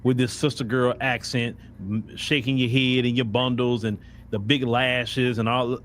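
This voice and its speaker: A man's voice: mid-range voice, flat delivery, measured pace, a bit bright, slight background noise. A man hosting a web commentary show, blunt and mocking, speaking straight to the person he criticizes. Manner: blunt, mocking, addresses the subject directly. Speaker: host.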